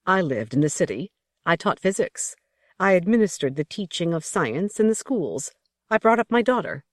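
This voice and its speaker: A woman's voice: fairly low pitch, big pitch swings, moderate pace, no echo, studio quality, pitched above the performer's own voice. A reader voicing an old grieving woman, a former teacher, who speaks in a plain, restrained way. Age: older. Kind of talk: audiobook character reading.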